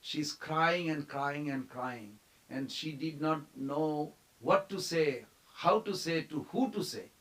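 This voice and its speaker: A man with a somewhat high voice leads a devotional story class. He talks in an animated way, stops often to quiz his listeners, and briefly acts out the figures he describes. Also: slow, rough recording. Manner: animated, quizzes the audience, acts out quoted figures. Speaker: temple class speaker.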